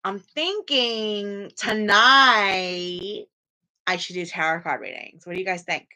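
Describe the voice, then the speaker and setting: A woman's voice: mid-range voice, slow pace, sharp tone, poor audio. A woman chatting to viewers about her home workout, rambling and restarting her sentences. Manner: rambling, chatty, restarts often, talks to live chat. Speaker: vlogger streaming a home workout. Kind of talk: casual chat to viewers. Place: small room at home. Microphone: camera or phone at home.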